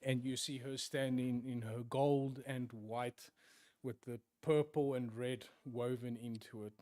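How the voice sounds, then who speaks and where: A man narrating a tabletop game as game master, often sinking to hushed tones for dramatic moments. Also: medium pitch, steady tone, a little slow, dry recording.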